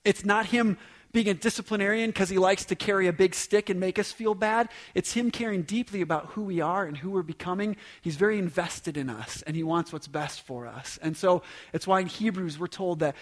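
A man giving a sermon as pastor, in an emphatic, conversational preaching manner with quieter asides. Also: sits high.

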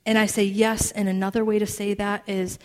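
A woman in her thirties preaching with an animated, storytelling delivery, laughing often and acting out quoted voices. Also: medium pitch, a little fast. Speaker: speaker. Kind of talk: storytelling sermon.

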